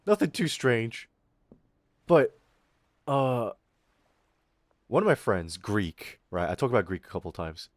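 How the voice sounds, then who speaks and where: A young man streaming, telling a school story in a casual, animated, swearing way. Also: on the low side, unhurried, long pauses, no echo, studio quality.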